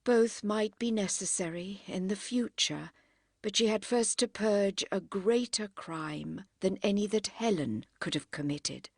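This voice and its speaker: A woman narrates a classic novel for an audiobook, measured yet expressive, in a medium-pitched voice. The recording is dry and of studio quality.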